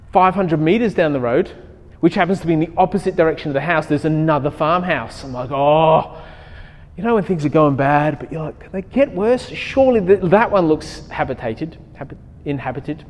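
A man preaches a sermon, slipping into a personal story that he tells with lively energy and acts out in voiced asides. His voice sits a little high for a man, and it rings with the long reverb of a large hall. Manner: animated storytelling, acting out his own thoughts. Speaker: pastor.

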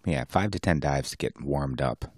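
A man co-hosting a podcast, trading jokes and quick quips in casual banter. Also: a bass voice, darkish tone, no room sound, clean studio sound. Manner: joking banter, quick one-word quips. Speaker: podcast co-host. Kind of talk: casual chat.

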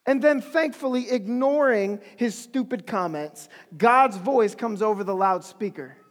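A preacher giving an animated, humorous, conversational sermon in a large hall. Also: mid-range voice, a little slow.

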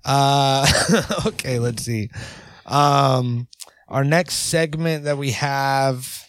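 A man's voice: mid-range voice, fairly even intonation, very slow, no echo. A man in his thirties co-hosting a casual comedic podcast, playful and hesitant with lots of fillers. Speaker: podcast co-host.

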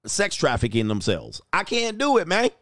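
A man's voice: on the high side, wildly swooping pitch, normal speed, a bit bright, no room sound, studio quality. A man hosting a casual livestream, reading out chat comments and joking in a loose, slangy way. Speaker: dating coach and channel host.

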